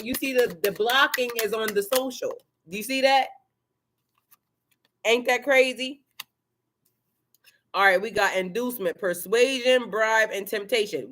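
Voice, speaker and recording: A tarot reader doing a casual live card reading, excitable and chatty, swearing freely and talking to viewers and a helper. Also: mid-range voice, background noise. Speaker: tarot reader and spiritual coach.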